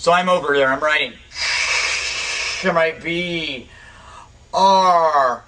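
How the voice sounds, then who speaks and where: Bright, lively man telling a story. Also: on the high side, recorded from a distance, low-quality recording. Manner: lively, quick bursts, chuckling asides. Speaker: storyteller on a recovery radio show. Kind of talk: casual spoken anecdote.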